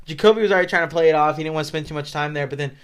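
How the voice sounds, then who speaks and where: A man's voice: a little high, rapid-fire, clean tone. A young man from Texas co-hosting a podcast, telling a story in a casual chat and acting out the voices of the people in it. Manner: animated storyteller, acts out voices of people in his tale. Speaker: podcast co-host.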